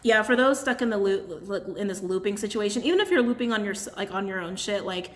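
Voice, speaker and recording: A tarot and crystal reader gives a casual channeled reading to camera, chatty and blunt, swearing and laughing often. Her voice is medium-pitched, expressive and a little fast.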